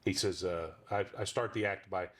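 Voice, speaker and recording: A man's voice: sits low, steady tone, moderate pace. A man who is a ventriloquist and voice actor, chatting in an interview and telling rambling stories with frequent fillers. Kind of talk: casual interview chat.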